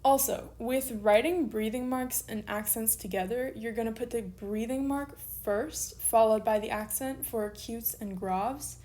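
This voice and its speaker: A woman's voice: a little high, a little mellow. A woman recording an online lesson, patiently spelling out letters one at a time as she explains. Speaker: teacher.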